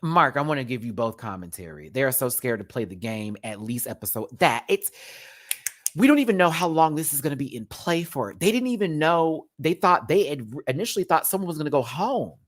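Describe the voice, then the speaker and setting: Male live-stream host, sassy and animated, swearing, wide swings in pitch, answers viewer chat. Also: a little fast. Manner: sassy, animated, swears often, slips into campy impressions. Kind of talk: casual live-stream commentary.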